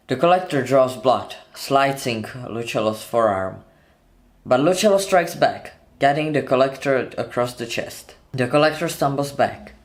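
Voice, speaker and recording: A man retelling a horror film scene by scene in a tense, dramatic narration, voicing the sound effects himself. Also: mid-range voice. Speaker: channel host narrating a film breakdown.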